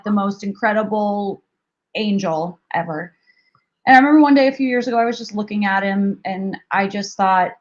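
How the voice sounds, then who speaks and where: Soft-spoken woman singer-songwriter, dull sound. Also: mid-range voice. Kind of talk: casual interview.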